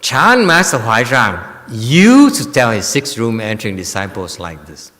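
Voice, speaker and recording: A man giving a Dharma lecture in a temple hall, speaking slowly and deliberately. He jokes wryly and teases the room. A long reverb tail hangs on each phrase. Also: medium pitch, sing-song, a bit bright. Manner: teasing, chuckling, wryly joking with listeners. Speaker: Buddhist teacher.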